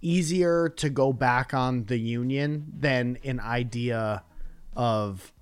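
Dry-joking man, mid-pitched podcast host. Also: takes it slowly, clean tone. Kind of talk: casual chat.

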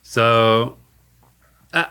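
A man co-hosting a casual chat, playful and excitable, quick to joke. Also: mid-range voice, smooth. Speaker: podcast co-host.

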